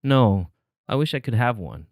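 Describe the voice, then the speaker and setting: A man reading a timid young soldier who answers hesitantly and quietly, in an audiobook. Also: mid-range voice, animated, normal speed, no room sound, studio quality, natural voice.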